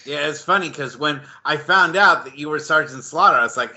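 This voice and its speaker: A man hosting an interview, with a fairly high, very bright and forceful voice. He asks curious, enthusiastic questions that tend to wander as he talks. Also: fairly quick, hardly any pauses. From United States. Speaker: interview host. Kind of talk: casual interview chat.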